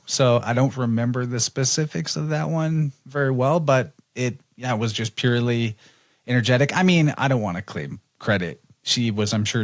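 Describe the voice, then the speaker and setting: A man hosting a podcast, chatting casually in a laid-back way and chuckling often. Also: medium pitch. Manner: laid-back, chuckles often, talks about his baby. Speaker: podcast host.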